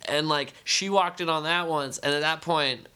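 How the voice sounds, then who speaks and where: A man's voice: on the high side, fairly even intonation, moderate pace, pushed and bright, smooth. A man in his thirties co-hosting a casual podcast chat, telling stories with plenty of profanity. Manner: profane, storytelling. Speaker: podcast co-host.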